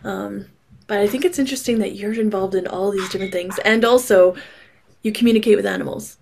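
A woman's voice: mid-range voice, brisk, vocal fry, a little mellow, a little hiss or hum. A woman hosting an interview, reacting with interest and asking casual follow-up questions. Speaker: interview host.

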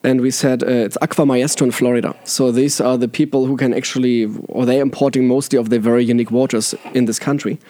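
A man's voice: mid-range voice, level tone, fast talker, few pauses, mellow. A man with a German accent, a water sommelier guest explaining tastings in casual podcast chat. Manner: enthusiastic, explanatory.

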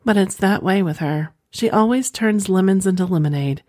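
A woman's voice: medium pitch, normal speed, mellow, no room sound, studio quality. A woman podcast host reading a listener's letter aloud and chatting playfully with her audience in rambling asides.

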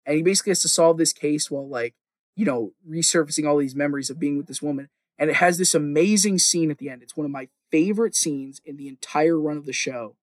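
On a podcast, a man with a slightly raised pitch rambles through a recap of a TV show, swearing freely and filling his sentences with fillers. He talks fast with casual enthusiasm, and the recording is close and dry with no room sound.

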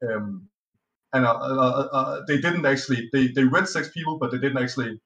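A man's voice: medium pitch, brisk, fairly bright tone. Rambling man telling a tabletop game story. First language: Danish. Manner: rambling, swears freely, many fillers and restarts. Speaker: podcast guest. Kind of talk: casual storytelling chat. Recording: roomy echo, slightly off-mic.

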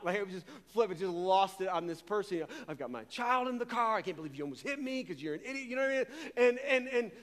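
A man with a fairly high voice preaching a sermon to his congregation. He talks in an animated, conversational way and often stumbles over repeated words. The long reverb of a large church hall trails behind him. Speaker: pastor.

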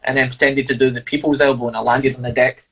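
A man with a husky, slightly rough voice, chatting as an interview guest. He tells blunt, sweary stories in a relaxed, laughing way. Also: mid-range voice, fast, low-quality recording. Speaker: fighter and guest. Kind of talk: casual storytelling interview.

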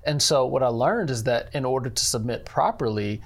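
A man's voice: mid-range voice, lively intonation. Earnest man talking about faith. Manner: earnest, measured, frequent "you know" fillers. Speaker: ministry director. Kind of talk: faith interview conversation.

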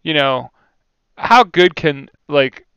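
A man co-hosting a casual card game chat, animated and rambling, often laughing between points. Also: fairly high pitch, takes it slowly, clean tone, dry recording. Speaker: podcast co-host.

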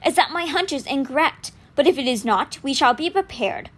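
A woman reading aloud as a calm, wise male leader giving an earnest speech to his citizens, in a storybook reading. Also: sits high, a little fast, pitched above the performer's own voice. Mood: rousing.

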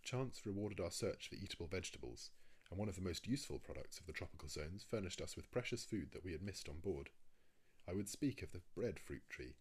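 Guy reading an old adventure novel, really low voice, kinda husky. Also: animated, a little fast. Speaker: audiobook reader. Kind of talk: scripted narration of a classic novel.

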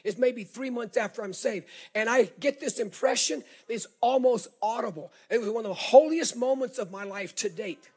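A middle-aged male pastor with a Southern accent, preaching a sermon as an animated storyteller who repeats words and builds to shouts. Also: very high-pitched, normal speed, hardly any pauses, husky.

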